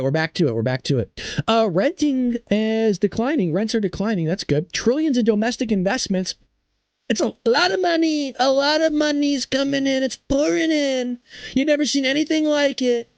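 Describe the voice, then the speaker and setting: Hyped-up, lively-pitched male show host. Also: normal speed, dry recording. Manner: excitable, hyped up, laughs often, teasing. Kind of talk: casual political commentary livestream.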